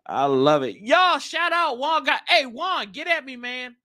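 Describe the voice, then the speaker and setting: Animated high-voiced man. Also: a little slow. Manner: animated, slangy, jumps pitch often. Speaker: livestream host. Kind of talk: casual live chat reading comments.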